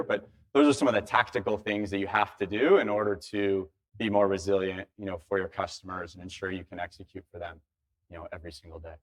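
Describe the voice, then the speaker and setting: A man answering on a conference panel in a measured, businesslike way. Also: deep voice. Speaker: conference panelist from a shipping company.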